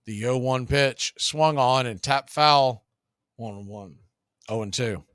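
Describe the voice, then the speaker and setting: A man hosting a casual baseball play-by-play stream, chatting between pitches. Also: takes it slowly, no room sound, clean studio sound. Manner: relaxed, chatty, drifting into betting talk. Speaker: play-by-play announcer and show host.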